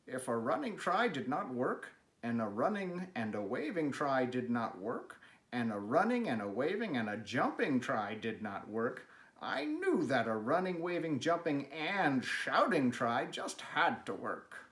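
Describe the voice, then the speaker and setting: A man's voice: mid-range voice, sing-song, unhurried, a bit bright. A man voicing a cheerful, eager male frog who keeps encouraging his friend, in a storybook reading. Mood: proud. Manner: encouraging, upbeat. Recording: roomy, echoey room.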